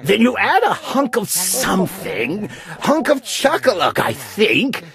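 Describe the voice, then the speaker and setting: A woman's voice: medium pitch, very animated, takes it slowly, voice pushed up. A woman voicing a greenish, smug male glunk creature who sweet-talks and jabbers in a storybook reading. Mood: gabbing.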